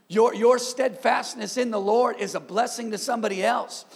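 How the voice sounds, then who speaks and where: A man, a pastor, preaching a sermon with energetic call-and-response and street slang. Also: very high-pitched, moderate pace, gravelly, few pauses, slightly rough, in a large hall.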